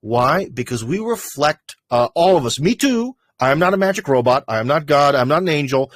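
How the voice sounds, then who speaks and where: A man's voice: fairly high pitch, expressive, brisk, no room sound. Rambling American man on a livestream. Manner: rambling, conversational, lots of fillers and restarts. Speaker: livestream host. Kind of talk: casual livestream commentary.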